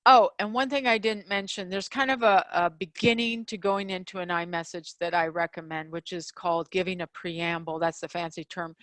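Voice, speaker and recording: A middle-aged woman hosting a relationship show, teaching communication skills in a casual, animated way, with many fillers and restarts. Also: on the low side, normal speed, hardly any pauses, dry recording. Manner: animated, acts out quoted examples in a raised voice; frequent fillers and restarts, laughs between points. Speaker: podcast host and relationship coach.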